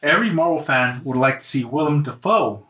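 A man co-hosting a podcast, chatting casually and excitedly about superhero movies, often cutting in on his partner. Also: fairly high pitch, fairly quick. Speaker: podcast co-host. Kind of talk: casual chat. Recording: roomy echo.

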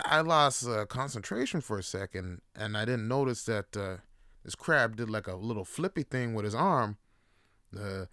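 A man hosting a show, telling stories in a relaxed, profane way with lots of fillers. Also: lowish voice, clean tone, dry recording, studio quality. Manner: laid-back, profane, full of fillers like "like". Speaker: podcast host. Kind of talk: casual storytelling monologue.

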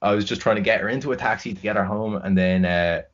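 Deep-voiced Irish man telling a story. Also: fast talker. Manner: swearing, rambling with fillers. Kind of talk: casual storytelling. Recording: dull lo-fi recording.

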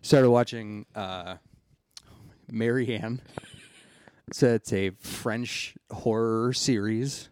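A man co-hosting a podcast, chatting casually with jokes and quick asides. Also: on the low side, steady tone, darkish tone, clean tone, dry recording. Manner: laid-back, joking, quick asides. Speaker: podcast co-host. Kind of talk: casual chat.

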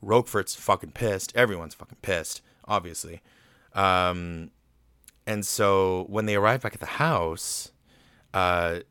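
Deep-voiced man rambling through a film recap. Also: measured pace, pushed and bright, clear, resonant tone, dry recording, clean studio sound. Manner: rambling, lots of "like", swears freely. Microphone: desk microphone.

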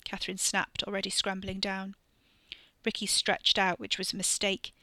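A woman narrates a story in a steady, even reading voice. Her tone is bright and clear, recorded close and dry with no room sound. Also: medium pitch, moderate pace, dry recording. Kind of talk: audiobook fiction reading.

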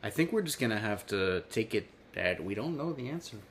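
A man's voice: big pitch swings, fairly quick, a bit bright, slight background noise. A man from the United States hosting a casual podcast, playfully quizzing his co-host. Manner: playful quizzing, jumpy pitch.

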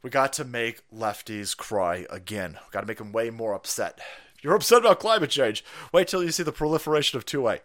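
A man's voice: mid-range voice, animated, a little fast. A man hosting a livestream, ranting in a foul-mouthed, mocking way. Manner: loud, mocking, swings between mutters and yells. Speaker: livestream host. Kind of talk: foul-mouthed political rant.

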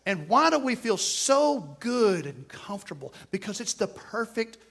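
Male pastor, high tenor voice, church sermon, fervent, chats with the congregation between loud exclamations. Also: sing-song, a little slow, gravelly, breathy edge. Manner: fervent preaching that swings from quiet asides to loud exclamations; conversational, jokes with the congregation.

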